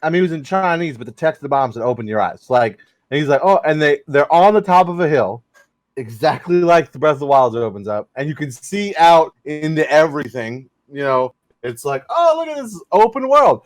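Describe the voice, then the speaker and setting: A man co-hosting a casual gaming news show, excitable and cursing while he tells stories. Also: on the high side, a little fast, dry recording. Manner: lively, swearing, excitable storyteller. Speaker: podcast co-host.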